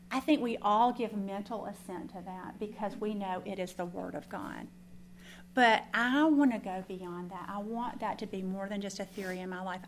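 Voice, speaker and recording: A woman's voice: medium pitch, slight background noise. A woman teaching a Bible study in an earnest, conversational way, with folksy asides.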